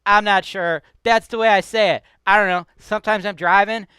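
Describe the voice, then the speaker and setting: A man's voice: high voice, fairly even intonation, moderate pace, bright, forceful tone, smooth, no room sound. A man from Cleveland, Ohio with a Cleveland accent, hosting a real estate show in a brash, profane, ranting style. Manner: brash, profane, keeps asking "right?". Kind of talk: casual ranting vlog.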